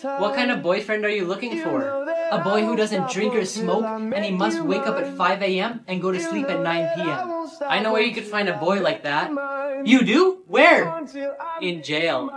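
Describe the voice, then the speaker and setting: A man's voice: high-pitched, expressive, moderate pace, over a noisy crowd. A man performing short comedy skits, switching between characters. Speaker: comedy sketch creator. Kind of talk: comedy skits playing every part.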